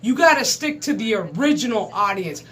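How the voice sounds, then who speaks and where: A man's voice: high-pitched, very animated, moderate pace, fairly bright tone. Give me an exasperated, foul-mouthed man in his thirties hosting his own channel and venting at length. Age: 30s. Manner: profane, exasperated, emphatic. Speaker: gaming channel host. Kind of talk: casual ranting monologue.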